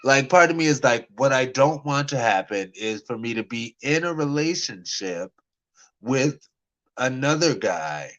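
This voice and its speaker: A man's voice: mid-range voice, lively intonation, a little slow, fairly bright tone, dull audio. Rambling man telling a dating story. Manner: rambling, stammering storyteller with many restarts. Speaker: vlogger. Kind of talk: casual talk to camera.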